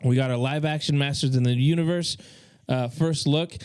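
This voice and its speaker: A man's voice: mid-range voice, fairly even intonation, normal speed, a little mellow, smooth, no room sound, studio quality. A man hosting a casual podcast chat, joking around and slipping into comic voices when he quotes people. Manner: playful, puts on comic voices in quoted bits. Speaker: podcast host.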